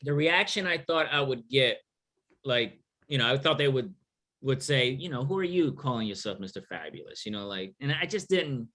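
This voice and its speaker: A man's voice: medium pitch, pushed and bright. A middle-aged man from New York City telling a story casually in a Q&A, joking and acting out the voices of people he quotes. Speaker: author and thru-hiker guest.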